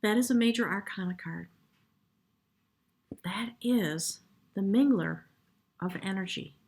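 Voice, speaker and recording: A woman giving a spiritual tarot reading in a soft, reverent way, sometimes dropping to a hush and getting choked up. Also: medium pitch, measured pace, creaky. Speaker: tarot reader.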